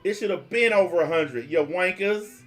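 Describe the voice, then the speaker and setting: Guy in his 40s, pretty high voice, blunt mocking livestream rant, bit of music behind. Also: expressive, moderate pace. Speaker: livestream host taking calls.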